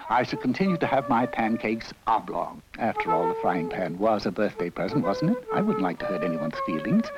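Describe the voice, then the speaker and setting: A man voicing a vain, pompous male emperor who booms out grand decrees, in a children's storybook reading. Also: wildly swooping pitch, fairly quick. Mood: contented. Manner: booming, self-satisfied royal proclamations. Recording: dull lo-fi recording with loud music.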